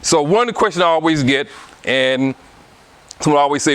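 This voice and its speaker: A man's voice: on the high side, lively intonation, fairly quick, a bit bright, smooth. A middle-aged man from Alabama with a Southern accent, giving a public talk about his book to a live audience, with many restarts and fillers.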